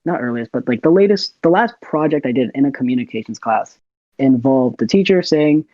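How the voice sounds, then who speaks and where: With a mellow voice on the high side, a laid-back young American chats as a podcast guest and laughs occasionally. The audio is lo-fi, dull and dry.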